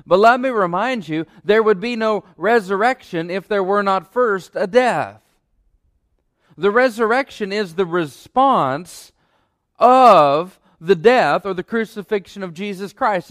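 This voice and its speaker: A man with a fairly high voice preaching a sermon. He stresses and repeats his key phrases with building emphasis. The sound is dry and close, with little room echo. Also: expressive, measured pace, a bit bright. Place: church stage.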